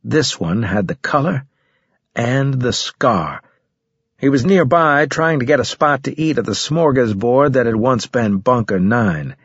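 A man reading a first-person story aloud in a steady, measured way with grim weight. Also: mid-range voice, breathy edge, no echo, lo-fi sound. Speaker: audiobook narrator. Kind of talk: first-person scripted narration.

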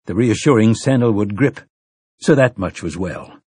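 A man narrates an audiobook in a husky, mid-pitched voice, measured and dramatic. The sound is dry and close, with no room echo. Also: lively intonation, warm tone. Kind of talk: scripted narration.

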